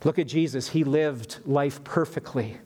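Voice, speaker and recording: A male pastor preaches a sermon with a fairly high voice and a lively delivery. He often stumbles into repeated words and restarts before carrying on, and he tells stories with energy. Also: a little slow. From western Canada.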